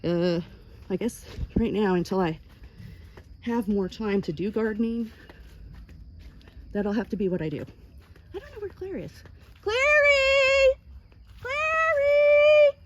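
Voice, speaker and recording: A Texan woman vlogging as she walks her ranch, chatty and a little out of breath, switching into a high sing-song baby voice when she talks to her animals. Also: big pitch swings, moderate pace, long pauses, muffled recording, noisy background. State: slightly out of breath. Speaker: ranch owner. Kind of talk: casual walking vlog. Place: outdoors on a rural ranch property. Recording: outdoor ambience with animal noises.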